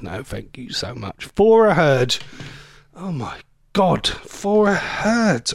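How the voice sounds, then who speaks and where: A man's voice: fairly high pitch, very animated, measured pace, creaky, no room sound, studio quality. A man, hosting a radio show in a jokey, chatty way and slipping into silly impressions. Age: 40s. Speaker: radio presenter. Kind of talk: casual radio chat.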